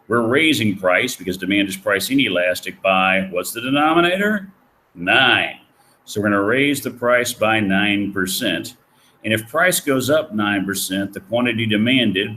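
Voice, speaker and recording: A man's voice: fairly low pitch, sharp tone, a little hiss or hum, poor audio. A man giving a recorded economics lecture, folksy and jokey, asking the class questions as he works through problems. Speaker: economics professor.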